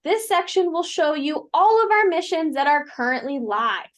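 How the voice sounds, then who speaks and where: Brief: woman host, high voice, reads the intro from script. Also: big pitch swings, moderate pace. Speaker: livestream host.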